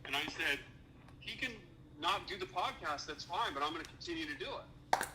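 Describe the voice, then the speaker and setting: A man's voice: fairly high pitch, very animated, normal speed, sharp tone, a little hiss or hum, poor audio. A man telling a heated story as a podcast guest, cursing often and acting out the dialogue he quotes. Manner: profane, indignant, acts out quoted dialogue. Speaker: podcast guest recounting a business dispute.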